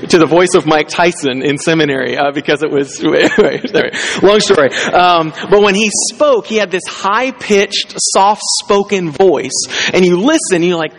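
A man's voice: high voice, normal speed, in a large hall. A pastor preaching a casual, conversational sermon, often restarting his sentences.

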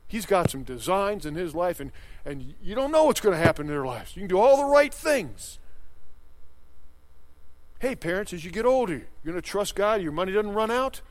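A man in his sixties preaching a sermon, emphatic, firing rhetorical questions and swinging between loud and hushed. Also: high voice, very animated, moderate pace. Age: 60s. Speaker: pastor.

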